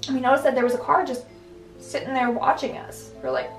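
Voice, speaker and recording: A young woman vlogger tells her stories in a loose, rambling way, stuffing them with "like" and restarts. Her voice sits a little high. She sounds set back from the mic in an echoey room, with faint music underneath. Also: very animated, quick pace, distant mic. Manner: chatty, filler-heavy, lots of "like" and restarts. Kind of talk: casual storytelling.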